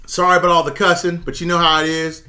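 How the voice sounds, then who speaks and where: A man's voice: a little high, flat delivery, fast talker, bright, forceful tone. A middle-aged man, ranting bluntly and with profanity on his own live stream while answering viewers. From United States. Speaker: YouTube currency commentator. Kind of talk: casual livestream rant.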